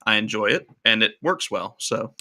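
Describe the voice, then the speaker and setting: A man being interviewed on a podcast, explaining his work in a measured, step-by-step way. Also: on the low side, lively intonation, pushed and bright. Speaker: podcast guest, role-play video creator. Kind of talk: casual interview chat.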